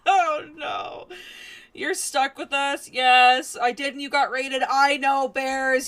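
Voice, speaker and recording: Young female streamer, high-pitched and hoarse, ranting at chat in exasperated mock anger. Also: slow pace, fairly bright tone, slight background noise. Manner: mock-angry, exasperated, laughing rants at chat. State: hoarse, voice cracking from yelling. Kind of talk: casual live-stream chat with viewers.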